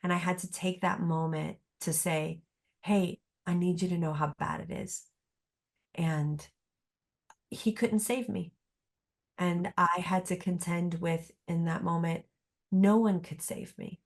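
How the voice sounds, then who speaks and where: A woman's voice: on the low side, steady tone, slow. A middle-aged woman therapist speaking as a podcast guest, reflective and earnest, often restarting her sentences. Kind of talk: podcast conversation.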